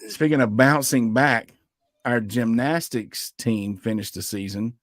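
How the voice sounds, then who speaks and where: A man co-hosting a sports podcast in an easygoing, chatty way, keeping the rundown moving. His voice sits in an ordinary middle pitch. The sound is dry and close, with little room around it. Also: unhurried, a bit bright, no room sound. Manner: upbeat, chatty, wraps up with show announcements. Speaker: podcast co-host. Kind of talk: casual sports chat.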